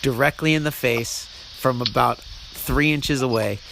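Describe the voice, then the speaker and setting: A man's voice: medium pitch, unhurried, gravelly. Man telling a story over noise. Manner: rambling, laughing, many restarts. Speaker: podcast host. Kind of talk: casual storytelling chat.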